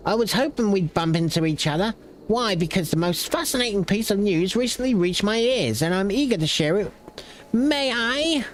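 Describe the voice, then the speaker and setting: A man's voice: high-pitched, slight background noise. A man voicing a gossipy, scheming rumormonger while reading game dialogue aloud, stumbling now and then on long names.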